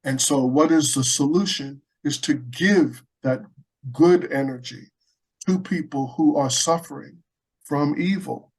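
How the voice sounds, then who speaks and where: A man's voice: fairly high pitch, measured pace, rough recording. A man from the United States, a Buddhist practitioner, telling a story in a conversational interview with earnest animation and frequent restarts.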